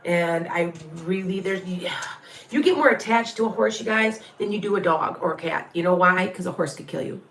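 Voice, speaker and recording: A woman's voice: on the low side, moderate pace, vocal fry, a bit bright, reverberant. A woman, a psychic medium, chatting casually with viewers on a livestream, rambling, heartfelt and frank, now and then salty. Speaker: psychic medium and tarot reader.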